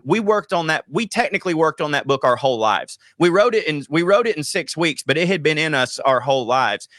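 A man, a comedian guest telling stories in a rambling, animated way on a radio interview. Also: mid-range voice, no echo, clean studio sound. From Southern United States. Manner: rambling, animated storytelling with many restarts.

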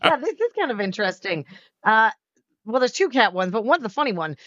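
A woman's voice: a little high, very animated, a little fast, fairly bright tone, dry recording. Giggly, chatty female morning-show co-host in her forties, dry, slightly muffled studio sound. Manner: giggly, chatty, lots of fillers. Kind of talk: casual on-air banter.

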